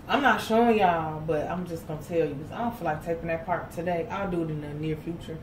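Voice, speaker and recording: A woman's voice: low-pitched, fast talker, few pauses, slight background noise. A woman chatting casually to viewers as she cooks in her home kitchen. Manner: chatty, folksy, talks to viewers as y'all. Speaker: home cook host. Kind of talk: casual cooking chat. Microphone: camera set off to the side. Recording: roomy kitchen audio from a distance.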